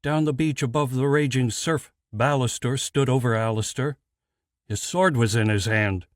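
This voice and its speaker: A man narrating a fantasy audiobook in a measured, deliberate scripted read. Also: mid-range voice, dry recording, clean studio sound.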